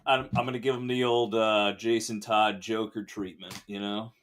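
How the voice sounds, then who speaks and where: A man's voice: on the low side, moderate pace. A man hosting a casual podcast chat, swearing freely and breaking into laughter. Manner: profane, laughing, animated. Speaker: host.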